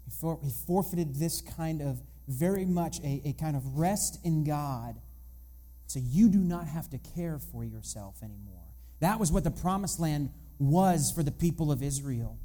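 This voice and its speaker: Man, thirties, pastor preaching conversationally; mellow, a touch high. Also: animated, unhurried. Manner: conversational preaching, acts out quoted voices. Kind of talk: sermon.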